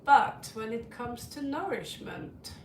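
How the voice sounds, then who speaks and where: A Norwegian woman with a Norwegian accent reads tarot on a casual livestream, rambling, chuckling, and swearing freely. Her voice is a little high and animated, and she takes things slowly. She sounds distant from the mic in an echoey room with slight background noise.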